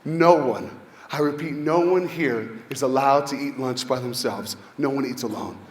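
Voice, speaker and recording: A man's voice: mid-range voice, moderate pace, slight background noise. A male motivational speaker giving an inspirational speech to a school audience, telling personal stories and asking rhetorical questions. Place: large hall with an audience. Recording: long hall reverb, faint ambience.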